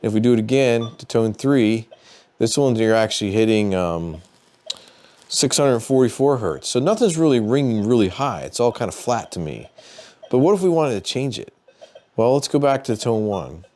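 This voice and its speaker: A man hosting a metal detecting channel, explaining device settings in a relaxed, plain-spoken tutorial and thinking aloud as he goes. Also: mid-range voice, moderate pace. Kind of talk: casual how-to tutorial.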